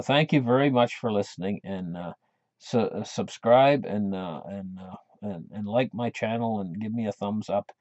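A man's voice: on the low side, darkish tone, no room sound. A man hosting his own channel, talking in a casual monologue that rambles, with many restarts. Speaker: channel host. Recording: dull lo-fi dry recording.

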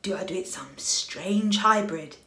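An English woman talking casually to camera, chatty and rambling, with a self-mocking sense of humor and quick asides. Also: mid-range voice, bright, forceful tone. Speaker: singer and vlogger. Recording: roomy echo.

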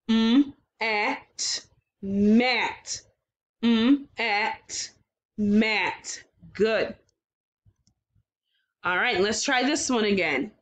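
A woman teaching a phonics lesson to young children, sounding out words slowly and praising often. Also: fairly high pitch, a bit bright.

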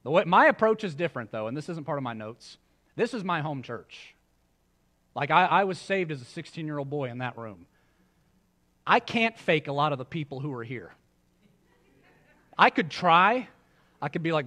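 A man's voice: a little high, expressive, normal speed, long pauses, sharp tone. A male pastor preaching a sermon in a church, in a conversational style with joking asides to the congregation. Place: church sanctuary.

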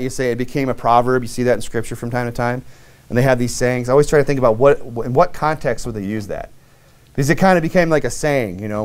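A young American man preaching a sermon as pastor, in a conversational, folksy way with plenty of fillers and restarts. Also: mid-range voice.

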